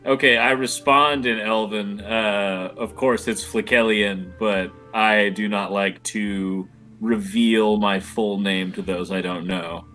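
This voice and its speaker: A man playing a tabletop role-playing game, animated and joking. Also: lowish voice, slow pace, few pauses, faint music behind. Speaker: player.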